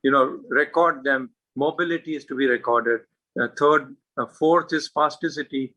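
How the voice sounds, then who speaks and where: Bright-voiced doctor giving a stroke talk. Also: male voice, medium pitch, fairly even intonation, normal speed, poor audio. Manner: earnest, emphatic, many fillers. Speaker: stroke specialist speaker. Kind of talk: medical talk to colleagues.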